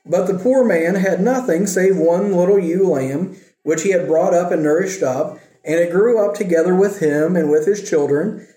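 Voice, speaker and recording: A man's voice: sits high, warm tone, echoey room, poor audio. A man teaching a Bible lesson, reading scripture aloud and then explaining it in a conversational way, checking in with his listeners. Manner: reads scripture slowly, then explains conversationally with asides like "okay?".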